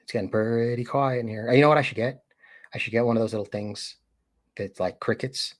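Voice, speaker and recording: A man's voice: medium pitch, fairly even intonation, fairly quick. A man hosting a casual live stream, talking to chat in a rambling way, full of fillers and acted-out quotes. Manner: rambling, filler-heavy, acts out quoted voices.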